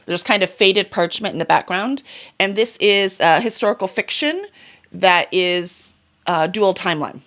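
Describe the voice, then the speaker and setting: A woman's voice: mid-range voice, lively intonation, unhurried, a bit bright. A woman vlogging about the books she plans to read, chatty and enthusiastic, with fillers and small self-corrections. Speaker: book vlogger and publisher. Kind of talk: casual reading-goals vlog.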